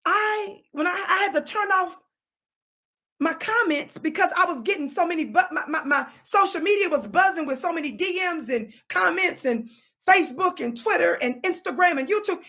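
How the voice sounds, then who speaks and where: This woman hosts her own show and speaks at a normal speed in a very high voice. Her commentary is animated and preachy, full of repeated words for emphasis, and she teases listeners with bursts of laughter.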